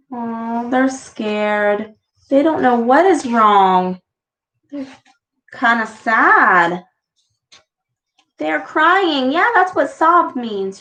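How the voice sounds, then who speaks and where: A woman reading a picture book aloud to her child, gently pausing to ask questions about the pictures. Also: fairly high pitch, lively intonation.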